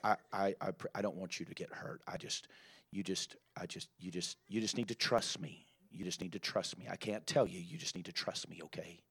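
A man doing a hushed church gossip. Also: mid-range voice, no room sound, natural voice. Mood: hushed, conspiratorial. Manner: hushed, conspiratorial, halting. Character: gossiping churchgoer warning of another member.

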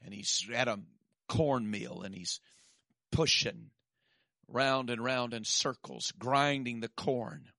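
A man preaching a sermon, swinging from shouted peaks to quiet asides and dropping in "amen.". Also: medium pitch, slow pace, gravelly, no echo, clean studio sound.

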